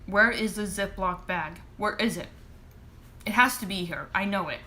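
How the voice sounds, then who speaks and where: A woman's voice: medium pitch, normal speed, close to an everyday voice. A woman voicing a frantic, defiant teenage girl. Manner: pleading and shouting.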